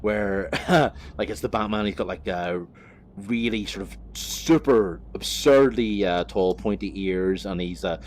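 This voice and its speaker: A man's voice: on the low side, a little slow, a little hiss or hum. A man vlogging as he drives, chatting in a loose, rambling way, swearing freely and poking fun at himself. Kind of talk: casual rambling chat. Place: driving a vehicle on the road.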